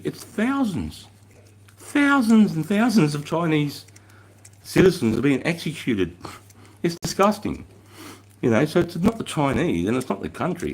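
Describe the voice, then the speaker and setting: A man's voice: mid-range voice, breathy edge. An Australian army veteran hosting a casual live stream, talking bluntly with plenty of swearing and stumbling restarts as he answers viewers' questions. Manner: blunt, heavy swearing, repeats and restarts words; reads out and answers viewer chat. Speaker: livestream host, army veteran.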